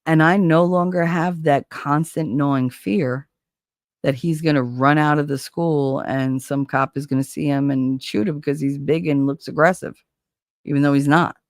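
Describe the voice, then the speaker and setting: A woman's voice: low-pitched, fairly even intonation, normal speed, dry recording. A middle-aged woman with a New Jersey accent, hosting a casual livestream chat in a candid, profane, chatty way. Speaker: livestream host.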